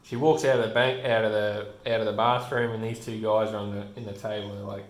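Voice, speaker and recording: A man casually walking through a comic book page by page, rambling and restarting his sentences, often chuckling. His voice sits on the low side. The recording carries a noticeable roomy echo. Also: steady tone, normal speed.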